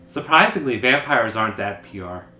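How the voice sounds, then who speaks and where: A man adds dry, wry remarks to a casual podcast chat. His pitch moves up and down a lot. The room gives his voice a noticeable echo. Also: expressive, normal speed, pushed and bright. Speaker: podcast co-host.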